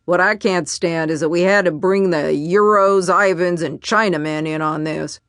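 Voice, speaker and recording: A woman voicing a brash, loudmouthed male military colonel who barks orders. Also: lowish voice, normal speed, no echo, clean studio sound. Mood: scornful. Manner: barking, commanding.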